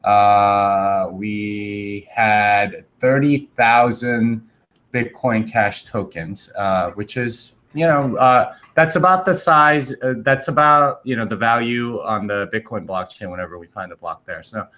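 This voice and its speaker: Man, bright tense voice, casual livestream panel, hesitant, fillers, remote call. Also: lowish voice, fairly even intonation, takes it slowly. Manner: hesitant, many fillers, thinks aloud.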